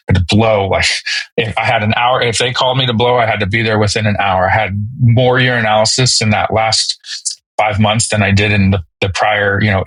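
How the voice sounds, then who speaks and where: A man in his thirties, a podcast guest telling a personal story in a halting, emotional way with many fillers and restarts. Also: fairly low pitch, fairly bright tone, dry recording, low-quality recording. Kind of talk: candid storytelling.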